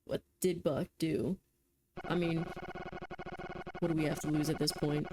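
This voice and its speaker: A woman's voice: deep voice, little pitch movement, measured pace, long pauses, background noise. A young woman playing a text game, reading the story aloud and reacting with flustered, joking asides. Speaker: gaming YouTuber.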